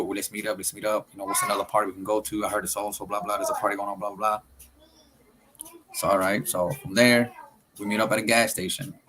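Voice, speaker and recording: A man's voice: lowish voice, background noise. A man telling a story casually, in loose, streetwise talk that swears and acts out what people said.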